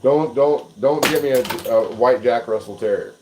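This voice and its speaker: A man's voice: medium pitch, normal speed, darkish tone, a little hiss or hum, rough recording. Rambling American man hosting a cooking livestream. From United States. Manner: rambling, self-deprecating, chuckles often. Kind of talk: casual livestream chat while cooking.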